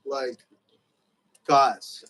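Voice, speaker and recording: A man's voice: mid-range voice, level tone, very slow, fairly bright tone, low-quality recording. A young man hosting a livestream, rambling loosely in casual chat with lots of fillers. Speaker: livestream host.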